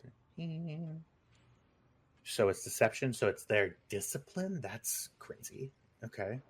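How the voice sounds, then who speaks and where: A man's voice: medium pitch, animated, slow pace, slightly rough. Hesitant man running a tabletop game. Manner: hesitant, many fillers and restarts, laughs easily. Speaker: game master.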